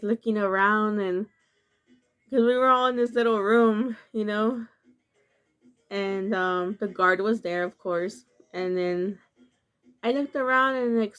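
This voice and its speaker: A woman vlogger talks slowly and unhurriedly, sharing a personal story to her viewers. She sounds earnest and confessional, speaking in a loose, casual way full of filler words. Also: medium pitch.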